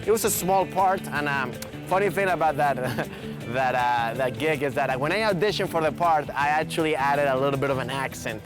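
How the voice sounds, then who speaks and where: A man's voice: fairly high pitch, moderate pace, over music. A man with a Spanish-influenced accent, a comedian telling casual stories about his work, chatty with many fillers. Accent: Latino Spanish-influenced. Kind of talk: casual interview storytelling.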